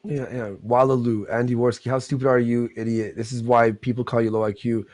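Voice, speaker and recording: Man, livestream host, rambling profane rant, mid pitch, dry close sound. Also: brisk, no echo. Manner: rambling, profane, excitable ranting. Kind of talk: casual livestream chat.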